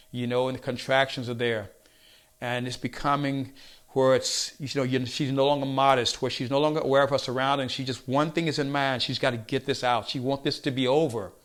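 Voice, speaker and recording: A man giving an earnest motivational talk, slowing down to stress his points and coaxing his listeners along. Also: mid-range voice. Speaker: motivational speaker.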